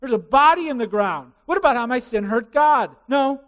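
A male pastor preaching a sermon in an animated way, acting out quotes and everyday scenarios. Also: very high-pitched, moderate pace, big-room sound.

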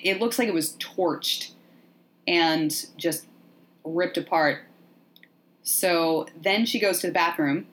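A woman hosting a podcast, chatting casually as she retells a film with playful, animated asides. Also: lowish voice. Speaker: podcast host.

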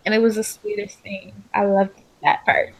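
A woman's voice: mid-range voice, level tone, moderate pace. A young adult woman from the United States, chatting expressively as the interviewee in a casual interview.

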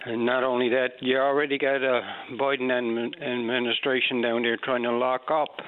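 A man's voice: medium pitch, little pitch movement, normal speed, clear, resonant tone. A male radio caller speaking in a brash, dismissive, rambling way. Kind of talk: call-in radio opinion. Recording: tinny phone line.

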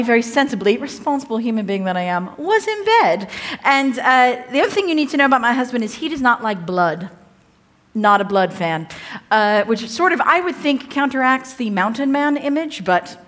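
Guest pastor, woman, 40s, Southern Californian accent, higher voice, casual and self-deprecating sermon storytelling. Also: a bit bright.

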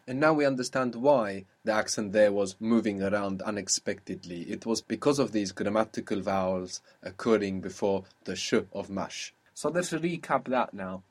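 A man teaching a language lesson, patiently drilling words and saying them slowly and clearly. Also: lowish voice.

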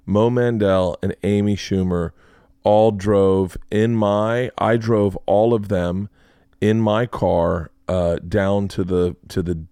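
A man in his forties with a fairly low voice tells a long, rambling story in a casual podcast chat. He acts out everyone's lines as he goes, and his voice is recorded dry and close with no room sound. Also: clean tone, dry recording. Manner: animated, rambling, acts out quotes. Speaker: podcast host.

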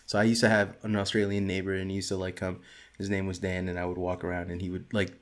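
A man's voice: low-pitched, monotone, fast talker. A man in casual chat, joking and cursing, who likes putting on accents. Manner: joking, profane, fond of doing accents.

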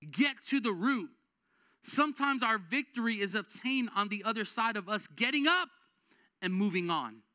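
A man delivers a sermon as a pastor with a very high, bright voice. He preaches in a casual, conversational way with slang, then drives his points home with emphatic, rising exhortation. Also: normal speed. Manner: energetic, rises to emphatic exhortation.

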